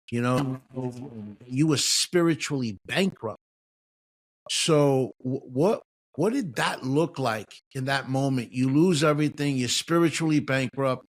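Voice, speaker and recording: A man hosting a podcast, asking long and earnest questions in a casual style. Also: medium pitch. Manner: earnest, many fillers and restarts. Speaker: podcast host. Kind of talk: casual interview chat.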